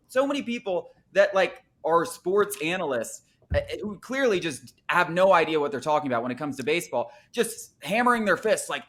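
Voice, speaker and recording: A man's voice: high voice, a bit bright. A man hosting a sports talk show, ranting in an emphatic, exasperated way.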